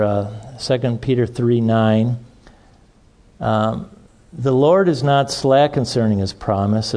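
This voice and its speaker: A man's voice: medium pitch, a little mellow. Middle-aged guy preaching, rambly, lots of uhs and restarts. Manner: rambling, halting with many fillers and restarts. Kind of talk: informal sermon.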